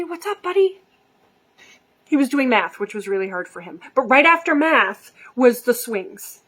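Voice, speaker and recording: A middle-aged woman, a behavior coach, telling a story casually to camera and acting out the quoted voices with lively energy. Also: high-pitched. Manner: animated, acts out quoted voices.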